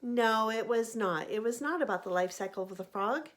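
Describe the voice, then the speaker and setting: A woman teacher reading a picture book aloud to children, pausing to ask them questions. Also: on the high side. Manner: animated, asks the listeners questions.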